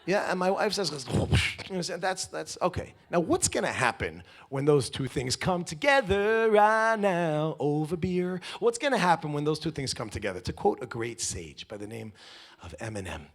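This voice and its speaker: A man's voice: fairly high pitch, sing-song, moderate pace. A man giving a comic storytelling talk to an audience, acting out the voices of his wife and other people. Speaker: speaker.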